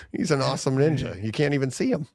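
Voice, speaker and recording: A middle-aged man chats casually as host of a live show, spinning stories and jumping into little acted-out quotes between bursts of laughter. His voice has a gravelly rasp and swoops widely in pitch. The sound is dry and close. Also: dry recording. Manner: animated, laughs often, acts out quotes. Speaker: livestream host. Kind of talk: casual chat, storytelling.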